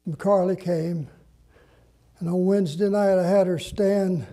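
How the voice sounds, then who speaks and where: An older man, a pastor telling stories in a sermon in a folksy, drawn-out way. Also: sits high, fairly even intonation, dark tone. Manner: folksy, drawn-out preaching with dramatic pauses. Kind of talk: sermon storytelling.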